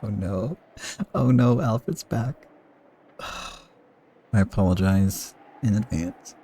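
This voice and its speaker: A man's voice: lowish voice, slow pace, mellow, slightly rough. A man doing casual let's-play commentary and reading a game's text, with self-deprecating, rambling asides. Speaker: game streamer.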